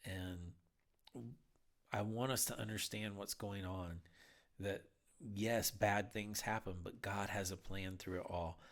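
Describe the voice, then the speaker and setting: Taking it slowly, a US podcast host with a fairly low, steady voice delivers an earnest Bible teaching talk. He sounds heartfelt and urging throughout.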